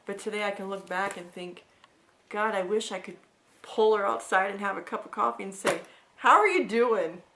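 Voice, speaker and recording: A woman's voice: medium pitch, little pitch movement, fairly quick, vocal fry, a bit bright, a little hiss or hum. A middle-aged woman talking earnestly and reflectively about her own past, often restarting her sentences. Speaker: vlogger sharing personal experience. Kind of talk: candid personal talk.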